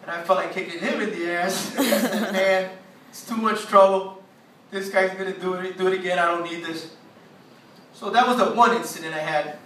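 A man's voice: sits high, steady tone, normal speed, a bit bright, slight background noise. A man telling a profane stand-up story, laughing at his own jokes. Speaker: stand-up comedian. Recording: echoey room from far off.

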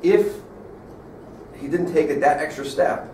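A man's voice: a little high, a little slow, mellow. Male student asking from afar. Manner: questioning, thinks aloud. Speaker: student in the class. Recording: echoey room, speaker far from mic, faint noise.

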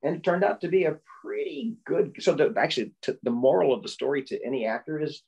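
A man who works as a voice actor, telling stories in a podcast interview and acting out the quoted lines with big leaps in pitch. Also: quick pace, vocal fry, poor audio. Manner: animated storyteller, acts out quotes with big pitch jumps. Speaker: voice actor guest.

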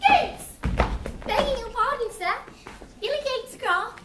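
A woman's voice: measured pace, very noisy. A woman playing a dotty, deferential young maid in an amateur stage comedy. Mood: meek. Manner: squeaky, meek, deferential, scatterbrained. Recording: echoey theatre hall from far off.

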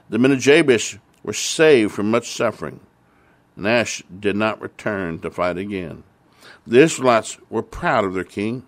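Emphatic male preacher retelling Bible stories. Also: medium pitch. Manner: emphatic, repeats phrases for stress. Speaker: family ministry preacher.

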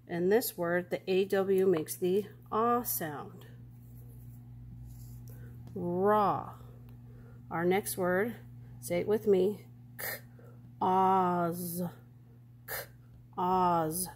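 A woman leads a phonics lesson for young children at a very slow, deliberate pace. She stretches each sound apart before blending it back into the word. Her pitch sits in a middling range, and her tone stays patient and instructive. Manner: slow, careful sounding-out of words. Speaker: teacher.

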